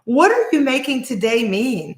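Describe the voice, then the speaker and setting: A woman's voice: sits high, very animated, moderate pace. A woman in her forties, a life coach, giving an emphatic motivational talk to camera with lots of rhetorical questions. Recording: roomy echo.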